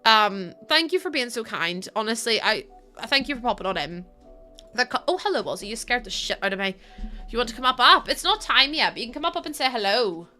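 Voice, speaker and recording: A tired woman chats and rambles through a live stream, trailing through fillers and little laughs. Her voice sits fairly high and sounds bright and clear. Soft music plays underneath. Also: expressive, a little fast. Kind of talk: casual chat while building in a game.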